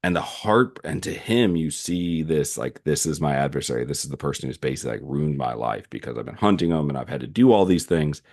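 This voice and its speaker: A man's voice: very deep voice, expressive, fairly quick, gravelly, hardly any pauses, a little mellow. A man hosting a solo commentary podcast, recapping a series animatedly with frequent fillers and restarts. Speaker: podcast host.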